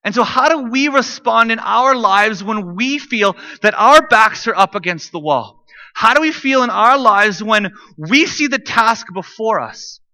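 A man's voice: sits high, expressive, unhurried, bright, forceful tone. A man preaching a sermon from the stage, conversational and dropping joking asides to the congregation. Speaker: pastor.

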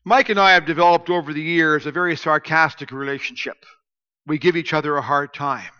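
A male pastor delivers a storytelling sermon, his bright, fairly high voice dropping to a hush and then rising to loud emphasis. The sound carries the long echo of a church hall and a dull, lo-fi tone. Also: steady tone, brisk, clear, resonant tone. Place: church sanctuary.

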